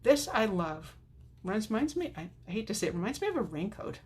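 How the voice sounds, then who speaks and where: A woman's voice: medium pitch, big pitch swings, fast talker, breathy edge. A middle-aged woman hosting a live craft unboxing, chatting to herself and answering viewers by name. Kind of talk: casual chatty product show-and-tell.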